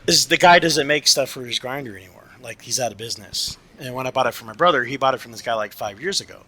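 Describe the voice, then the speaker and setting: A man co-hosting a podcast over a video call, his tone strikingly bright and sharp. His pitch swings freely as he chats and jokes in a loose, easygoing way. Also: expressive, quick pace, hardly any pauses, slight background noise. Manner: chatty, laughs easily, jokey. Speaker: podcast co-host. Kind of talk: casual podcast chat.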